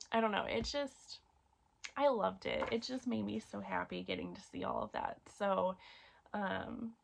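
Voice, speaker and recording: Her voice is a little high and creaky. In a casual book review chat, she talks through romance reads with plenty of fillers, becoming emotional when she gets to her favorite series.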